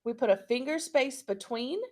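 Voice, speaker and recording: A woman teacher giving a recorded lesson to young pupils, speaking slowly and clearly and checking in often with "okay?". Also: on the high side, lively intonation, darkish tone. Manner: slow, clear instructional delivery with frequent checks. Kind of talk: recorded online class lesson.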